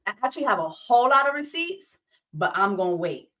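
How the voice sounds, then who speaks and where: A woman hosting a casual livestream of reality-TV commentary, ranting in an animated, profane and incredulous way. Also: mid-range voice, brisk. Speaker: host.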